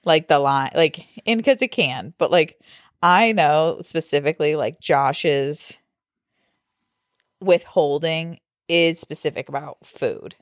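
A young woman talks earnestly and frankly in casual chat, explaining her view. Her voice sits on the lower side. The recording is dry and close. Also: takes it slowly, dry recording.

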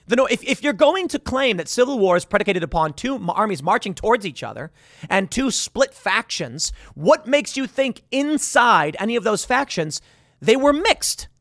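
A man's voice: high voice, big pitch swings, moderate pace, a bit bright, no echo, clean studio sound. A man delivering an argumentative opinion monologue as a political commentator, reading out posts and reacting to them emphatically.

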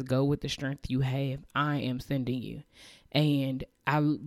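A woman's voice: extremely low pitch, darkish tone, no echo, studio quality. Earnest woman hosting a faith podcast. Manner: earnest, emotional, repeats words, sighs. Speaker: podcast host. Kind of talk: heartfelt faith-based podcast monologue.

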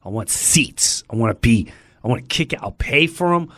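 A middle-aged man telling a story in a casual chat, animated and acting out every voice. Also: medium pitch, moderate pace, no echo.

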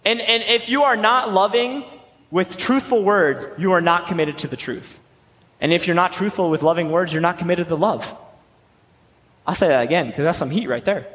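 A man's voice: high voice, normal speed, fairly bright tone, long reverb tail, low-quality recording. A young man preaching a sermon in a conversational, emphatic way. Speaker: youth pastor.

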